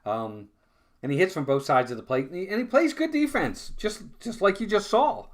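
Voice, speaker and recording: A man's voice: high-pitched, big pitch swings, moderate pace. A man calling live baseball play-by-play in a casual, chatty way, often repeating words and talking to his viewers. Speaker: fan play-by-play streamer.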